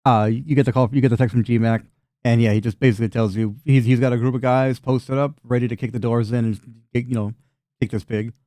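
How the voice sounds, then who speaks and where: A man's voice: medium pitch, steady tone, a little fast, dark tone, no room sound. A young man narrating a tabletop game as game master in a casual, profane, joking way.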